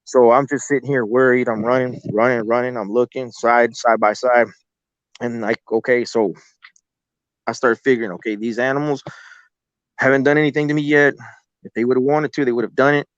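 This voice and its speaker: A man's voice: medium pitch, little pitch movement, moderate pace, dry recording. Guy rambling through a story, swears a lot, dry close sound, kinda dull lo-fi audio. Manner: profane, rambling, with restarts. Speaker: guest telling encounter stories. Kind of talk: casual storytelling.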